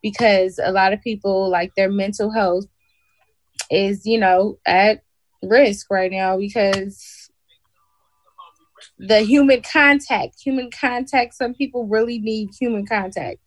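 A woman on a video call, talking in a slow, encouraging, faith-minded way in a casual chat. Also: mid-range voice, dry recording, low-quality recording.

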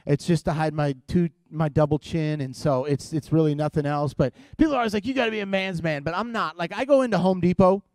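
A middle-aged man tells self-mocking stories from the pulpit, stumbling through restarts as he goes. His voice sits a little high for a man. The sound is close and dry. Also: darkish tone, no echo. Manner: self-deprecating, halting restarts. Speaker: preacher. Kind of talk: comedic sermon storytelling.

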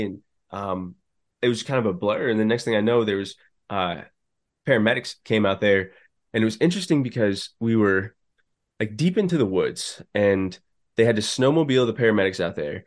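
A young man guest on a podcast, telling a personal story in a relaxed way with many fillers. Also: on the low side, a little fast. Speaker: podcast guest, business co-founder. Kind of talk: casual storytelling interview.

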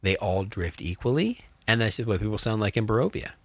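Low-voiced man, animated chat. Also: fairly quick, no room sound. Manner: animated, rambling, many fillers. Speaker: game master, podcast co-host. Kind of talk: casual chat.

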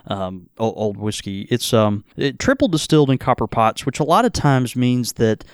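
A man's voice: medium pitch, animated, normal speed, smooth, no echo, studio quality. Rambling man. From American South. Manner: rambling, many fillers and restarts. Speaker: podcast host. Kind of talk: casual whiskey tasting chat.

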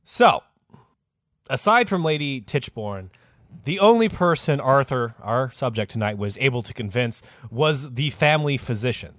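A man hosting a casual podcast, telling a historical story with animated delivery and plenty of cursing. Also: medium pitch, moderate pace, no echo, clean studio sound. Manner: animated, lively delivery with sudden voice put-ons.

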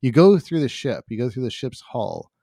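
A man's voice: mid-range voice, very animated, moderate pace, vocal fry, dark tone, no echo. Rambling casual man, dry close sound. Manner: rambling, lots of fillers and restarts. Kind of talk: casual movie discussion.

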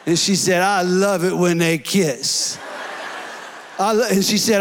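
Pastor, 30s, earnest sermon delivery, slightly high voice, long hall reverb. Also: male voice, unhurried, a little hiss or hum. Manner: earnest preaching, rising to shouts in prayer. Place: church hall.

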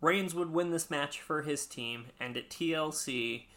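Bright-voiced man explaining wrestling history. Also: a little high, unhurried. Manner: swears freely, storytelling, laughs often. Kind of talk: casual chat.

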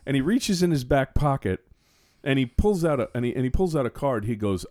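On a podcast, a Florida man speaking at medium pitch and a fairly quick pace tells a story, voicing both sides of the conversation. The sound is clean studio audio with no room sound, and as co-host he's an animated storyteller in a casual chat.

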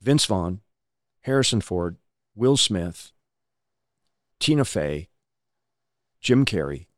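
A man with a lowish voice tells stunt-world stories in a relaxed interview, his pitch swinging widely as he acts out the people he quotes. The sound is dry and close. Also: slow, no echo. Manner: animated anecdote teller who acts out quoted voices. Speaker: stunt driver guest. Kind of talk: casual interview storytelling.

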